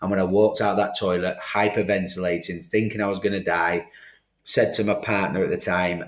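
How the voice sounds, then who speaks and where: A man's voice: low voice, a little fast. A middle-aged man, a podcast guest, telling his life story candidly and acting out the conversations he recalls. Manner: animated, acts out quoted exchanges. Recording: roomy studio echo.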